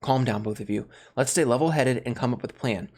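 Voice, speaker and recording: Brief: a man doing a steady, level-headed young man, keeping others calm. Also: mid-range voice, quick pace, close to an everyday voice. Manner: calm, reasoning.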